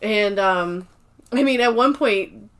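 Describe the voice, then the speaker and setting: Taking her time, a woman at medium pitch co-hosts a podcast where she chats through TV episode recaps. Her talk is full of swearing and "like," and she acts out characters' dialogue in exaggerated voices.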